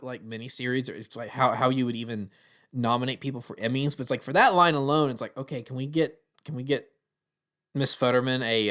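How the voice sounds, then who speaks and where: A man's voice: medium pitch, fairly bright tone. A man giving a casual spoken review of a TV series. He talks earnestly and rambles.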